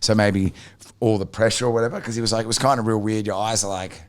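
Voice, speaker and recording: An Australian man hosting a podcast, telling a story casually in a blunt, profane, animated way. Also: fairly low pitch, quick pace, clean tone, no echo. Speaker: podcast host.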